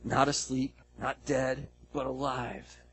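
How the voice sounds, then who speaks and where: A man preaching a sermon as pastor, telling a story with lively acted-out dialogue. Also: mid-range voice, slow pace, slight background noise, poor audio. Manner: animated storytelling, acts out quoted dialogue.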